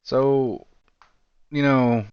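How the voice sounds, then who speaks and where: A man's voice: mid-range voice, fairly even intonation, very slow, clean tone, no echo, lo-fi sound. A man giving casual commentary on chat logs, rambling with lots of "you know" and "like" and wry asides. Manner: wry, self-deprecating asides. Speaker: true-crime commentary creator.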